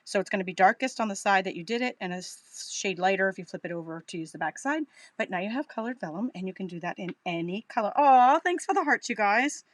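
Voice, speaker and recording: A woman's voice: medium pitch, fast talker. A woman with a Boston accent giving a chatty, upbeat live crafting tutorial, thinking aloud as she works. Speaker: craft demonstrator.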